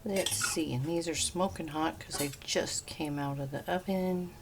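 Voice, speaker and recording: A middle-aged woman with a notably low voice talks viewers through a cooking demo in her kitchen. Her manner is chatty and homey as she explains each step. There is a faint hum of room ambience behind her. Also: a little slow. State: talking with her mouth full. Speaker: home cooking vlogger. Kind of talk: casual cooking demonstration. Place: home kitchen.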